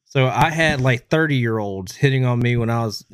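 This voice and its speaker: A man's voice: mid-range voice, normal speed, clean tone, dry recording, clean studio sound. A man in his thirties in casual podcast chat, often laughing and telling stories.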